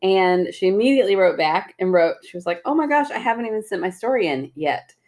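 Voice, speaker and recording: A woman's voice: medium pitch, animated, fast, darkish tone. A woman, co-hosting a podcast, chatting and reading stories aloud, laughing easily. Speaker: podcast co-host. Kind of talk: casual chat, reading a listener story.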